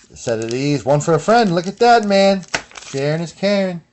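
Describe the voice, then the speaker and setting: A guitar builder shows off guitar parts in a casual workshop vlog, his voice a little high and a little mellow, very animated yet unhurried, with frequent pauses. He rambles in slang, tacking "you know what I mean" and "man" onto his lines, over slight background noise.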